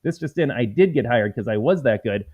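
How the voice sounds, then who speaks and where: An American man hosts a live political commentary stream, speaking emphatically and combatively and calling his viewers "folks." His medium-pitched voice is expressive, fairly quick, a little mellow and slightly rough, and the lo-fi stream audio sounds a bit dull.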